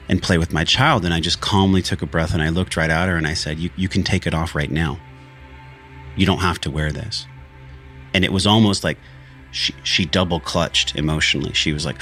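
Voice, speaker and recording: A man's voice: low voice, fairly bright tone. A man hosting a solo podcast, talking in an earnest, heartfelt, casual way with some swearing. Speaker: podcast host.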